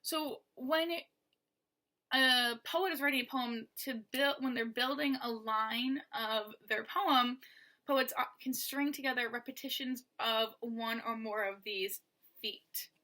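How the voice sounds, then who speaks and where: Slow, bright-voiced woman teaching poetry. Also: fairly high pitch. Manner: patient, steady, sounds out stress patterns. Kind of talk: explaining poetry lesson.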